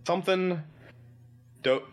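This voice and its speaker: A man's voice: high-pitched, slow pace. A man co-hosting a casual podcast chat, argumentative, stammering and swearing as he makes his point. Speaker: podcast co-host.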